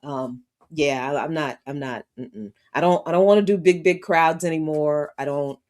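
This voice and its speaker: A woman's voice: low voice, moderate pace, a little mellow. A woman co-hosting a morning talk show, chuckling and restarting her sentences as she chats. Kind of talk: casual radio banter.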